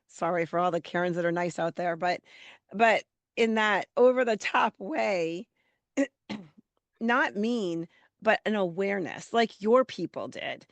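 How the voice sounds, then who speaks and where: A woman hosts a podcast with a lingering head cold in her voice. She tells stories in a chatty, lively way, and the recording is close and dry. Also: mid-range voice, no echo. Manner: chatty, animated storyteller. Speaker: podcast host. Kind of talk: podcast conversation.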